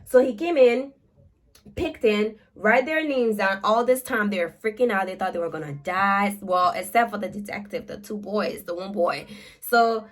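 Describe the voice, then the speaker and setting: A young woman, casually retelling an anime plot in a chatty, animated way with filler words, in a room at home. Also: medium pitch, normal speed. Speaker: makeup vlogger. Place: home room with a ring light.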